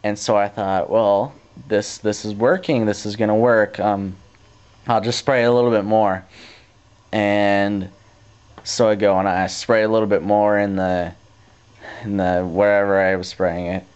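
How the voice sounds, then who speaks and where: A man's voice: fairly low pitch, a little slow, smooth. Teen guy rambling on lo-fi tape. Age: teens. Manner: rambling, restarts often, animated when retelling. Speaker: vlogger. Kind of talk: casual storytelling to camera. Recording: dull lo-fi camcorder tape audio.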